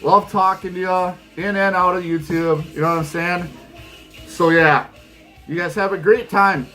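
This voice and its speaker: A middle-aged man talks casually to his camera, rambling and emphatic with frequent laughs. His voice sits a touch high for a man. Faint music plays behind him. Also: steady tone, a little slow, sharp tone, poor audio. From Wisconsin, USA. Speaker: vinyl channel host. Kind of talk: casual vlog chat to camera.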